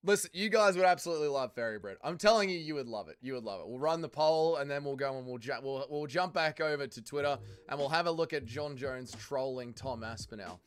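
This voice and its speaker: A man's voice: medium pitch, expressive, quick pace, few pauses, clear, resonant tone. An Australian man hosting a casual livestream and reading chat, rambling and blunt, calling people mate and swearing now and then.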